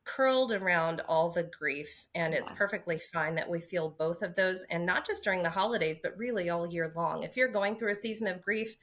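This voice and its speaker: A woman co-hosting a faith podcast, speaking in a calm, reflective and gently reassuring way. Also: fairly low pitch, normal speed, few pauses. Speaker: podcast co-host. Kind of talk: casual faith podcast conversation.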